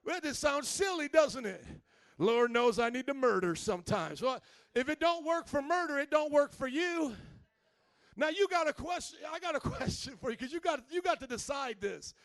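A man preaching an animated sermon, mimicking people and often rising to shouts. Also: very high-pitched, normal speed. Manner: animated preaching, mock voices, shouting at times. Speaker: pastor. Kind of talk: energetic sermon.

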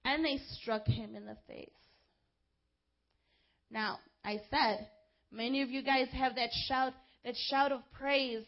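A woman's voice: sits high, fairly even intonation, slow, long pauses, lo-fi sound. A woman preaching a sermon to her congregation, speaking with passion and shifting into casual asides to the room. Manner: impassioned, rising to shouts when quoting crowds.

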